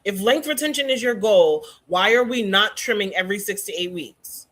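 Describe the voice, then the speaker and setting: A woman hosting a casual hair care livestream, teaching and teasing viewers by name in an animated way. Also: mid-range voice, moderate pace.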